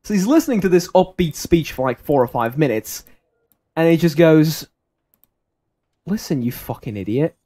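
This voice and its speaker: A young man chatting casually on a game stream, drifting through a long anecdote with plenty of asides. His voice sits a little on the high side for a man. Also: expressive, moderate pace, dark tone. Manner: rambling anecdotal storytelling. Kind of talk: casual chat while gaming.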